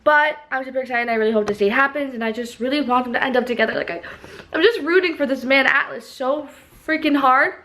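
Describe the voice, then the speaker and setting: A woman's voice: high voice, quick pace, sharp tone, slight background noise, poor audio. A young woman talking casually in a book vlog, chatty and full of "like". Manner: chatty, fills talk with "like". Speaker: book vlogger. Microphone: camera propped up without tripod.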